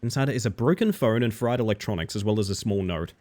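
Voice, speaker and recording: Streaming a game, a young man chats playfully and jokes directly with his viewers, talking straight to chat in a casual live-stream. He speaks fast, with a fairly low pitch and a slightly mellow tone.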